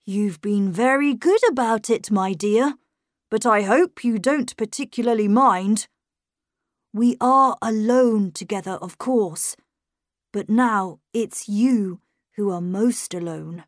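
A woman voicing a clever young boy who speaks in a smooth, polite way with a cold edge underneath. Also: high voice, sing-song, takes it slowly, dry recording, studio quality, pitched above the performer's own voice, full character voice.

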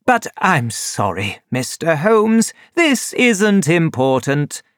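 A man voicing an agitated young aristocratic heir in a storybook reading, loud and indignant. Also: fairly high pitch, very animated, slow, no echo, studio quality, voice pushed up.

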